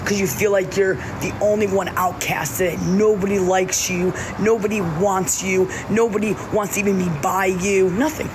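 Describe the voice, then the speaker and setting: Woman, confessional vlog, repeats herself emphatically, traffic noise behind her, mid-pitched. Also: steady tone, moderate pace, few pauses. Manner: repetitive, pleading, emphatic. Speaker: vlogger telling her life story. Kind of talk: emotional confessional monologue. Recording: noisy background with passing vehicles.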